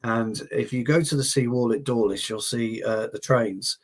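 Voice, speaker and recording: Male co-host, chatty, mid-pitched voice, repeats himself for emphasis. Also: normal speed. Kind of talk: casual livestream chat.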